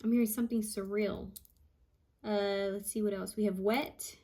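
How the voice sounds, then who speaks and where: A woman psychic medium reading out channeled messages, repeating each word she hears and pausing often with ums. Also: mid-range voice, fairly even intonation, dark tone. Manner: hesitant with frequent ums.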